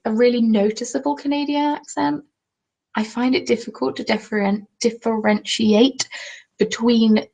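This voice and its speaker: Chatty woman with a gravelly edge. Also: on the high side, a little mellow, low-quality recording. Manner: chatty and self-deprecating, apologetic asides. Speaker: crafting livestream host. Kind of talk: casual live-stream chat, reading comments.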